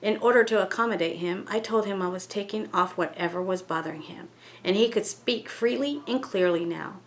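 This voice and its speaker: A woman vlogger reading a ghost story aloud in an unhurried, measured way. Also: mid-range voice.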